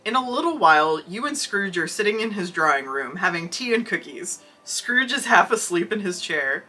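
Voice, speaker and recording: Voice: medium pitch, animated, normal speed, sharp tone, faint music behind. A podcast co-host reading a story aloud and making joking, sarcastic asides. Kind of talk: casual chat and reading aloud.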